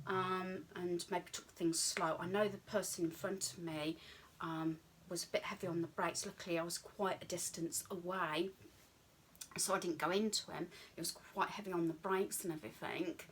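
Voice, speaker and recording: A woman's voice: lowish voice, normal speed, slight background noise. Chatty British woman rambling through a story. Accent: British English. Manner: rambling, chatty, many ums and asides; animated, acts out her own thoughts in quotes. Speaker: vlogger. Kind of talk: casual personal storytelling.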